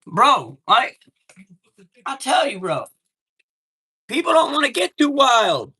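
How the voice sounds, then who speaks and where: A man's voice: very high voice, huge pitch swings, slow pace, pushed and bright, husky. A man hosting a live stream, telling a heated story in a profane, streetwise way and greeting viewers from chat.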